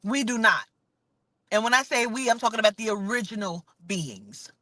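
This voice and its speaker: A spiritual vlogger delivers a passionate, profane monologue in a bright, forceful voice, expressive and at normal speed, with no echo. She preaches by repeating and hammering her points, then sinks to a low mutter when she says she's getting angry.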